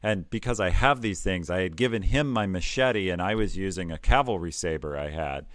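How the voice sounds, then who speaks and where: A middle-aged man from Ohio, a tech executive guest, telling stories in a calm, measured way with frequent pauses and fillers. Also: deep voice, no room sound, studio quality. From Ohio, United States. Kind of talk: conversational storytelling.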